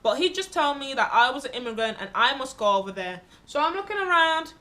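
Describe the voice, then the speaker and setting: A woman with a bright, fairly high voice tells the story of a solo trip. She speaks candidly and bluntly, swears freely, and acts out the people she met along the way. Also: brisk. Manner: candid and expressive, acting out other people in her stories. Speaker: travel vlogger. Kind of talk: casual travel vlog storytelling.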